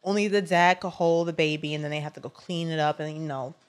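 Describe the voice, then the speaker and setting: Animated young woman telling a story. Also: sits low, fast. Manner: animated, lots of "like" fillers. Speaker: podcast co-host. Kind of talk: casual storytelling chat.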